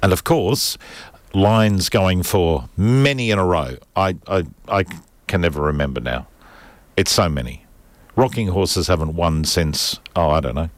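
A man's voice: low-pitched, expressive, measured pace, no echo. An Australian man hosting a community radio show in casual, jokey, rambling chat from a studio mic. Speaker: radio host. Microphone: studio microphone.

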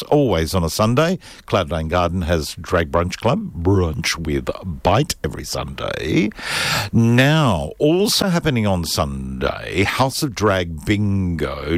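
A man's voice: sits low, no echo. An Australian man hosting a community radio show in casual, jokey, rambling chat from a studio mic. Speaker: radio host. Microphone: studio microphone.

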